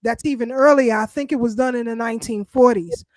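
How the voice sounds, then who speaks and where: A woman co-hosting a casual political talk show, speaking in an animated, emphatic way. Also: a little high, fairly quick, no room sound. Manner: animated, emphatic, speaks of herself as party founder. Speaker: show co-host.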